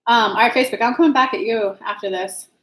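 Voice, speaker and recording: Chatty woman with a fairly high voice, echoey room. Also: quick pace, fairly bright tone. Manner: chatty, frank, swears casually, addresses viewers by name. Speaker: intuitive reader hosting a live stream. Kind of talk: casual live-stream advice and Q&A.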